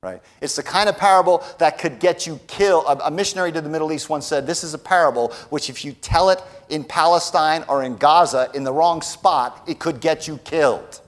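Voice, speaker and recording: Man preaching a sermon, fairly high voice. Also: fairly quick, few pauses. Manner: emphatic, often adds a tag question "right?"; moves between hushed lines and raised declarations.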